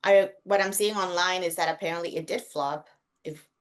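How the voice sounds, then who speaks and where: A woman guest film reviewer on a podcast, talking in a relaxed, thoughtful way. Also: lowish voice, normal speed. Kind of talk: casual podcast chat.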